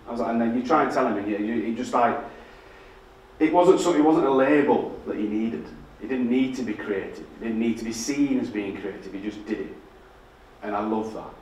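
A man's voice: fairly low pitch, far from the mic, a little hiss or hum. A man with a Yorkshire accent giving a candid, sweary storytelling talk to an audience. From Barnsley, England. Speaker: guest speaker. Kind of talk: public talk. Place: large indoor lecture hall. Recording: echoey hall from afar.

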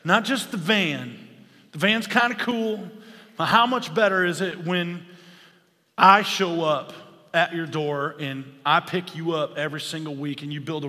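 Fired-up male preacher, bright tense tone, long reverb of a church hall. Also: sits high. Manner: impassioned, rising to shouts. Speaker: pastor. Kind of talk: sermon.

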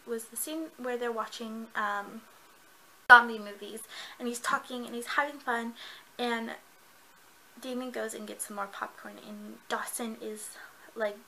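A woman reviewing a book in a casual vlog, gushing and excitable, with lots of fillers. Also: fairly high pitch, slight background noise, poor audio.

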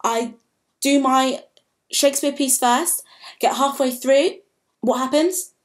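A woman in her twenties, recounting a painful experience in a candid, halting personal vlog. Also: high voice. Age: 20s. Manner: candid, halting, emotional storytelling. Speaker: vlogger.

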